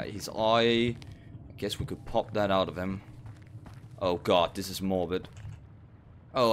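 A man's voice: fairly low pitch, a little hiss or hum. A frightened man, commentating as he plays a horror game, jittery and repeating himself when scared. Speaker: gamer playing a horror game. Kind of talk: nervous horror let's play commentary.

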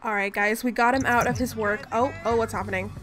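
A woman with a slightly high voice gives casual, chatty commentary while she plays a game. She talks in a mock-exasperated way and scolds the characters on screen. Clear background music runs under her voice. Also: steady tone, a little fast. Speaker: gaming channel host.

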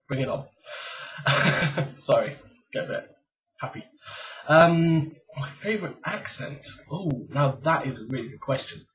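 A man's voice: medium pitch, recorded from a distance. A man in his late twenties from England talks casually to his webcam in a home room. He rambles with lots of ums and pokes fun at himself. The sound is dull and lo-fi, and he sits a little back from the mic. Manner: rambling, chatty, self-deprecating, with frequent ums. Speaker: vlogger. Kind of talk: casual tag vlog chat.

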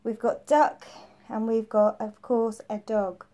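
A woman's voice: a little high, flat delivery, slow pace, dark tone. A woman preschool teacher giving a phonics lesson to young children, patiently repeating each letter sound.

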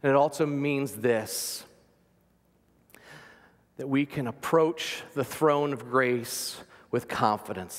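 A man preaching a sermon as pastor, earnest, sometimes dropping to a soft near-whisper for emphasis. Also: mid-range voice, long reverb tail.

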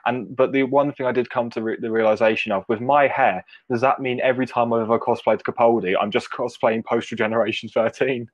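A young man in his twenties telling stories in an animated way, full of restarts and laughter. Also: medium pitch, dry recording, highs cut off. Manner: animated storyteller, halting restarts. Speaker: podcast co-host. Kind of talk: casual chat.

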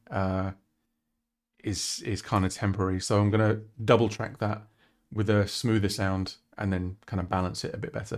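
Chatty low-voiced man streaming live. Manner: chatty, self-deprecating, thinking aloud. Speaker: musician streaming his song production. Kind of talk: casual live-stream chat.

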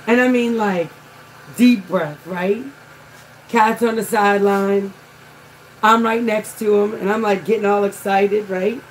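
A woman, a softball coach, telling a chatty story while she works on a craft project, talking in an animated way and saying "y'all". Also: medium pitch, unhurried, slight background noise, poor audio.

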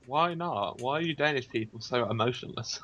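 A man's voice: medium pitch, fairly quick, muffled recording. A man joking around in casual chat with a friend while playing an online game. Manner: playful, joking, animated, laughs often. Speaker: co-player.

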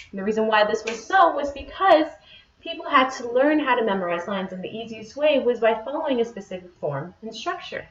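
A woman's voice: on the high side, fairly bright tone. A woman teacher explaining patiently, step by step, in a classroom lesson. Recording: echoey, dull lo-fi room sound.

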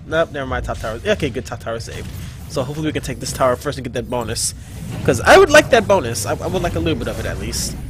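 A man giving live, profane, easily frustrated commentary on his own gameplay. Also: medium pitch. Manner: excitable, profane, quick to frustration. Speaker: gaming channel host.

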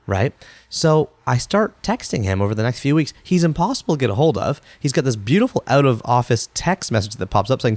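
A man hosts a podcast in a chatty storytelling voice, and his pitch rises and falls a lot as he acts out each exchange. He speaks close to the mic in a dry, dead room. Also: brisk, no room sound. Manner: animated, chatty storyteller who acts out quotes. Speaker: podcast host.

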